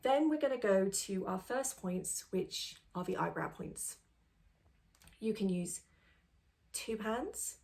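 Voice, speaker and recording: A woman coach teaching beginners a tapping routine in a gentle, reassuring, step-by-step way. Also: medium pitch, animated, slow, long pauses. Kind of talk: instructional tutorial.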